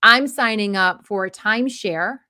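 A woman's voice: medium pitch, normal speed, bright, forceful tone, no echo, clean studio sound. A woman in her forties hosting a casual personal monologue, rambling and self-deprecating. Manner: rambling and self-deprecating, with many restarts and fillers.

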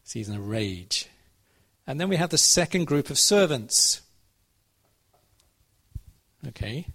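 A man's voice: mid-range voice, sing-song, slow, a bit bright, husky. Chatty man preaching. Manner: conversational, asks the audience questions. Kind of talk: sermon.

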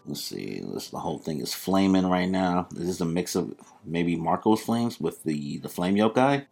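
Deep-voiced laid-back male manga reactor. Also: sing-song, normal speed, vocal fry, darkish tone. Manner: reads panels aloud with loose slangy asides. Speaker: manga reaction channel host. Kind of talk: casual reaction and read-aloud.

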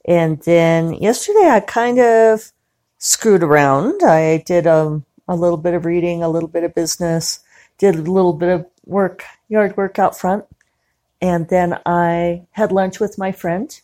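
A woman's voice: on the low side, mellow. Chatty woman rambling about her day. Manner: chatty, rambling, quick to laugh. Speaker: podcaster. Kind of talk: casual diary-style monologue. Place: living room at home.

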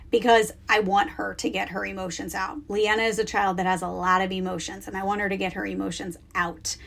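A woman in her thirties hosting a podcast, talking casually from a closet at home in a chatty, animated way with lots of fillers. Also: medium pitch. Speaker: podcast host. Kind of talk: casual solo podcast talk.

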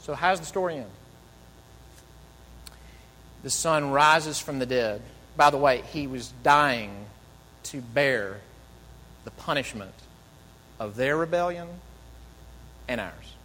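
A man preaching a sermon in an animated way, acting out quoted speakers and dropping to soft, low tones. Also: measured pace, long pauses, in a large hall, a little hiss or hum, rough recording. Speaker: pastor.

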